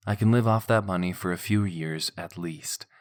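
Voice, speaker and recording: A man voicing an easygoing but stubborn young man in an audiobook, talking in a low, blunt, offhand way. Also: moderate pace, natural voice. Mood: defensive.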